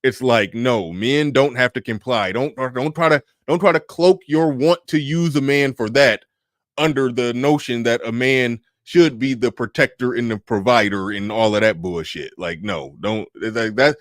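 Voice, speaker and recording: A man's voice: medium pitch, normal speed, dry recording, studio quality. A man giving a blunt, profane reaction commentary, talking animatedly and laughing often.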